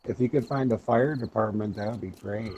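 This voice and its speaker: A man's voice: fairly quick, darkish tone. A man chatting while playing a game, asking questions and making dry quips. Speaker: fellow player. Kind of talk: casual chat while playing. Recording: noisy with engine rumble.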